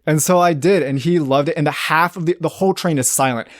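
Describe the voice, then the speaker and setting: A young American man in his twenties, chatting casually and telling rambling, animated stories full of fillers. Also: on the high side, a little fast, few pauses, dry recording. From United States. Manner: rambling, animated storyteller with many restarts and "like" fillers. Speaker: guest. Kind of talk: casual storytelling chat.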